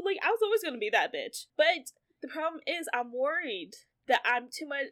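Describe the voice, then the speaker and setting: Bright high-voiced swearing young woman. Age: 20s. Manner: animated, swears a lot, laughs through words. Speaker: podcast co-host. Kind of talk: casual chat.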